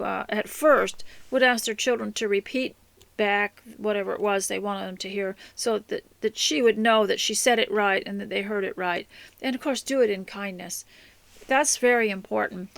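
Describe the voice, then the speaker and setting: Gravelly-voiced woman hosting an advice show. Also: medium pitch, a bit bright, no room sound, low-quality recording. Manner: earnest, instructive, addresses listeners directly. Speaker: radio show host. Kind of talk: casual advice talk.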